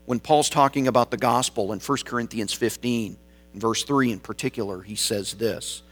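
A man preaching a sermon, slow and deliberate, building his points through repeated phrases. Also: medium pitch, a bit bright, soft background music. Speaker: pastor.

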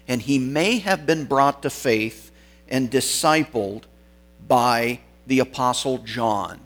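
A man preaching a sermon, retelling a story dramatically and acting out the quotes. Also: mid-range voice.

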